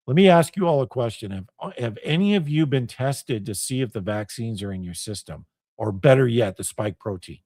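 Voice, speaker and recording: A man's voice: mid-range voice, lively intonation, normal speed, darkish tone, dry recording, studio quality. Ranting, profane middle-aged man. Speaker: radio show host. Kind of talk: heated solo monologue.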